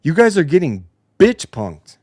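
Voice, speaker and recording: A man's voice: a little high, wildly swooping pitch, a little slow, darkish tone, dry recording, clean studio sound. A man hosting a post-game basketball show, ranting in a heated, profane way. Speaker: podcast host. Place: home basement studio.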